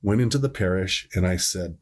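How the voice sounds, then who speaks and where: A man's voice: sits low, a little fast, a little mellow. A middle-aged man on a medical podcast, telling a long story in casual chat, often stopping to correct himself. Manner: rambling, self-correcting storyteller. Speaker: podcast host, EMS worker.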